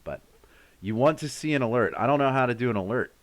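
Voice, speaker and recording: A man in his thirties hosting a live stream, casually telling a story to his chat and acting out sounds and shouts along the way. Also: medium pitch, fast talker. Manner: animated, acts out sounds and his own shouts.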